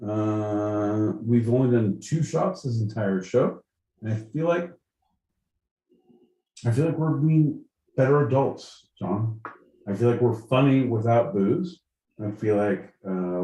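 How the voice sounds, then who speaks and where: A man's voice: fairly low pitch, a little slow, warm tone, echoey room, poor audio. A man co-hosting a podcast in casual chat, joking, teasing and swearing freely. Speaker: podcast co-host.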